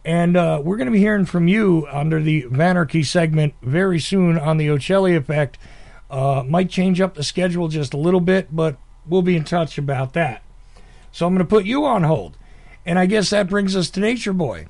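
Gravelly man hosting a call-in podcast. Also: fairly high pitch, expressive, normal speed, darkish tone. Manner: chatty, laughs often, many fillers. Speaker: podcast host. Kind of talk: casual call-in podcast chat.

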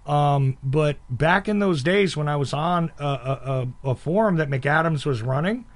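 A man's voice: a little high, expressive, measured pace. A man from the northeastern US talking casually as a host, blunt and self-described abrasive, with frequent laughs. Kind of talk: casual conversation.

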